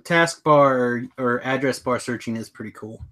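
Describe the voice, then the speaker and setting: This middle-aged podcast co-host chats casually on a webcam call, joking around, rambling and breaking into hummed tunes. His mid-range voice is fairly bright and moderately paced.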